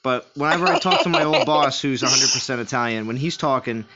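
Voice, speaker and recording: A man's voice: mid-range voice, fast talker, over a noisy crowd. A man hosting a game stream, chatting casually with friends and restarting his phrases as he rambles. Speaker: streamer host. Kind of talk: casual voice chat banter. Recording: lo-fi voice chat audio.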